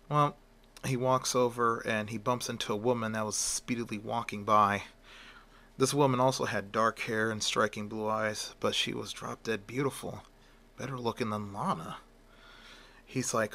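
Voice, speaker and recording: A man's voice: lowish voice, fairly even intonation, moderate pace, bright, forceful tone. A man telling an improvised fan story, rambling with lots of fillers and restarts.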